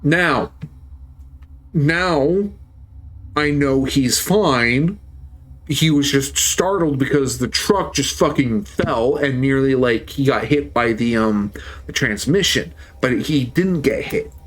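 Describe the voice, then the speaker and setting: A man's voice: medium pitch, animated, takes it slowly. A man streaming, telling a story in a casual, heated, profane way.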